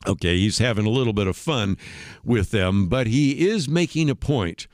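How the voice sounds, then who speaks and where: Low-voiced male radio talk host. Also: lively intonation, moderate pace, no echo, studio quality. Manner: conversational, explains history step by step. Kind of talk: solo commentary on a talk radio show.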